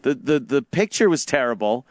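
A man's voice: medium pitch, very animated, moderate pace, no room sound. A man in casual comedic chat, crude and joking, swearing a lot.

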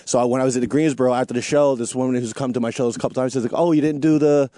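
Comic guy rattling off road stories, quick and sweary, dry close mic. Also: medium pitch, little pitch movement, dark tone, no room sound. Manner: fast, profane, retells stories with quoted lines. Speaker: stand-up comedian. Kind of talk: casual chat.

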